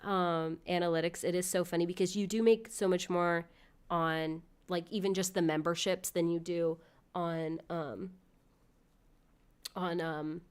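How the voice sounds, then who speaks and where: A woman's voice: lowish voice, steady tone, measured pace, smooth. A young woman streaming live, chatting with viewers in a rambling, giggly way and thanking donors. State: sick with covid. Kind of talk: casual live-stream chat.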